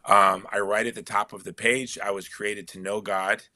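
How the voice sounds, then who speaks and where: Animated man with a very bright voice. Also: lowish voice, moderate pace, no echo. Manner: animated and emphatic, with frequent restarts. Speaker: guest author. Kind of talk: casual conversational interview.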